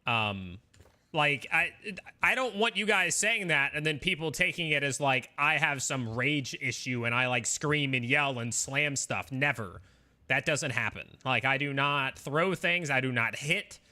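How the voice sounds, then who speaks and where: A man's voice: medium pitch, expressive, a little slow, sharp tone. A young man, a game streamer, chatting casually with his viewers in a rambling, defensive way with lots of fillers.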